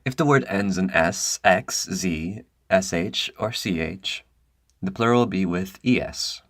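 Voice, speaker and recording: Very deep-voiced woman narrating slowly. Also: no room sound. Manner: self-correcting, restarting lines. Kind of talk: scripted voice-over narration with retakes.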